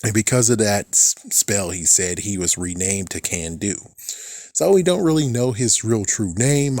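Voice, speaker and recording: Young male reviewer, low-ish, dry sound, excitable and profane, giggles a lot. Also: dry recording. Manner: excitable, swears freely, breaks into laughter. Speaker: episode reviewer. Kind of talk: casual show review.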